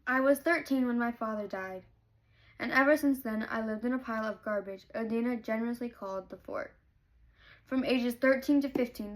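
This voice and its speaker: A woman's voice: fairly high pitch, close to an everyday voice, rough recording. A woman reading aloud the lines of a tough, guarded young woman from a novel, in close to her own voice. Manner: read aloud from a novel, lightly acted.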